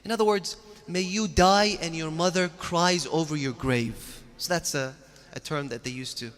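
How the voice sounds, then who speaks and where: A preacher with a fairly bright, higher-pitched voice gives a religious sermon at normal speed, telling stories with earnest, rising emphasis. The recording has long hall reverb.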